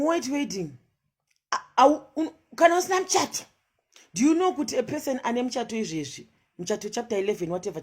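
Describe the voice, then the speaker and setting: A woman's voice: mid-range voice, darkish tone. A woman giving a passionate monologue of social commentary, firing off rhetorical questions and switching between English and Shona.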